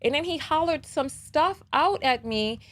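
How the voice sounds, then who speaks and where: Woman, call-in show host, casual chat, animated storyteller, fairly high voice. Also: unhurried. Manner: chatty, leans on "you know" and "right?". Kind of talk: casual live call-in talk.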